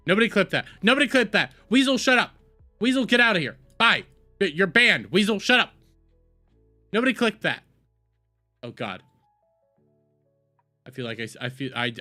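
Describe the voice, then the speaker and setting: A man whose voice sits high reacts to a video for his stream audience. Excitable and foul-mouthed, he rambles on casually and trades jokes with his chat.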